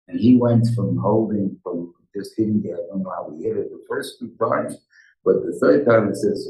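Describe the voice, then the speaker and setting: Older rabbi guy rambling through a torah class, gravelly low voice, sounds far off in a roomy hall. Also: mellow. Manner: rambling, halting, many restarts and fillers. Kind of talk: informal Torah lecture. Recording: echoey room, voice far from the mic.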